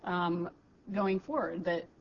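A woman's voice: fairly low pitch, fairly even intonation, slow pace. A woman on a discussion panel, clarifying her point in a polite, conciliatory way. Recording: dull lo-fi conference recording, faint noise.

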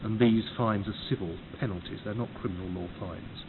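A man's voice: fairly low pitch, a little fast. A man from the United Kingdom, an official of a competition agency, giving an orderly prepared talk point by point. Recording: tinny phone-like recording with clear hiss.

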